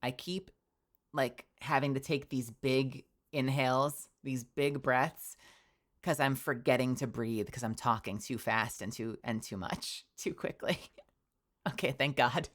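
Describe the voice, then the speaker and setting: A woman's voice: very deep voice, fairly even intonation, unhurried. A young woman streaming casually, bubbly and rambling, often laughing. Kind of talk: casual livestream chat.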